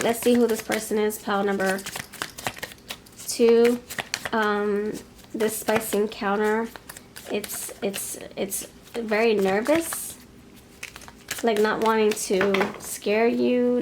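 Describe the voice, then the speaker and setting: A woman's voice: medium pitch, background noise. Musing woman giving a tarot reading. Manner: musing, hesitant, laughs often. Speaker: tarot reader. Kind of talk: pick-a-card tarot reading.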